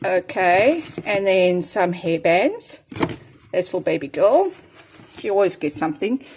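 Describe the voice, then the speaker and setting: A woman's voice: on the low side, big pitch swings, unhurried, darkish tone, slight background noise. A South African woman in her forties, chatting casually through a grocery haul from home, rambling with fillers and restarts and a little out of breath. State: slightly out of breath. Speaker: vlogger.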